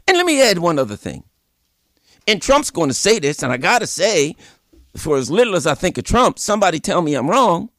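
A man hosting a political commentary show, delivering an animated opinion monologue full of repeated points and rhetorical questions. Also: high voice, fairly quick, dry recording, clean studio sound.

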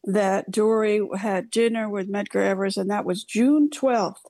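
An older woman hosting a radio talk show, speaking haltingly with a gravelly voice and many fillers. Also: medium pitch, a little mellow, no echo. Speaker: radio host.

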